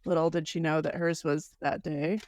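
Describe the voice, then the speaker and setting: A woman in her thirties from the United States, co-hosting a casual podcast and retelling a story with lively acted-out asides. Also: sits low, moderate pace, no echo, studio quality. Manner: animated storyteller, acts out quoted lines. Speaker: podcast co-host.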